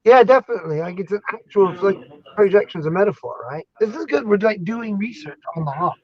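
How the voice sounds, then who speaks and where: A man chatting casually as an academic guest, animated and jokey, rambling through his thoughts. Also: high-pitched, brisk, muffled recording, a crowd in the background. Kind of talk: casual chat.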